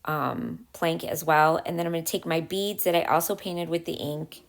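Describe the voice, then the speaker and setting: Low, gravelly-voiced woman explaining crafts. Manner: chatty, step-by-step, frequent "um" pauses. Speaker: craft channel host. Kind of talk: casual craft tutorial voice-over.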